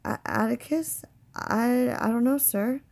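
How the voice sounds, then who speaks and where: A woman's voice: a little high, unhurried, gravelly, a little mellow, voice pushed up. A woman reading aloud, voicing a puzzled young girl who stammers. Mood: flustered.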